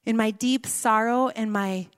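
A woman giving an earnest, emotional testimony in sermon style, letting her voice drop soft on key words. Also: fairly high pitch, fairly even intonation, a little slow, clear, resonant tone, in a large hall.

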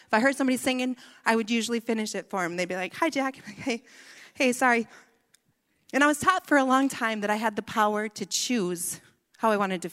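A woman talks to an audience about her own life, in a lively, chatty way that pokes fun at herself. Her voice sits a bit high. The sound carries the long reverb of a big hall. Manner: lively, chatty, self-mocking. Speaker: speaker. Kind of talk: personal talk to an audience.

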